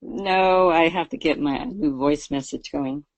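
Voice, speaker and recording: A woman's voice: low-pitched, a little slow, no echo, low-quality recording. A woman taking part in a group training call, answering the trainer briefly and plainly.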